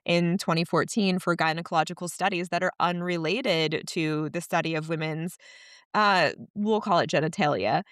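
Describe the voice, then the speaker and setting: Woman co-host for a casual book club chat, lively and talkative, close dry mic. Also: on the low side, clean tone, no room sound. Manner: chatty, animated, quick asides. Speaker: podcast co-host.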